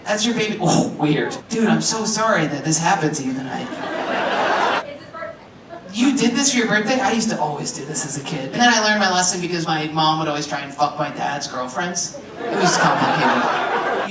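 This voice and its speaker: A woman's voice: on the low side, normal speed. Brash woman comic in echoey club. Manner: brash, crude, deadpan punchlines with shouted asides. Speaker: stand-up comedian. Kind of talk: stand-up set. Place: comedy club stage. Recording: echoey club from far off with loud crowd.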